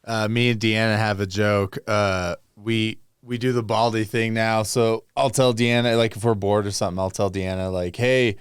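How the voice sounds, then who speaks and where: A man's voice: on the low side, level tone, moderate pace, hardly any pauses, clean tone, dry recording, clean studio sound. A man asking the podcast questions in an easygoing, slightly hesitant way. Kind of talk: casual chat.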